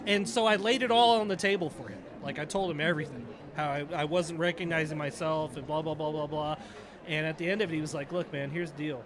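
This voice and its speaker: A middle-aged man with a fairly high voice tells a long story in a relaxed chat. He acts out the other people's lines as he goes, with a busy crowd murmuring behind him. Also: a little fast. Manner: animated storyteller acting out dialogue. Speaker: podcast co-host, retired Navy chief.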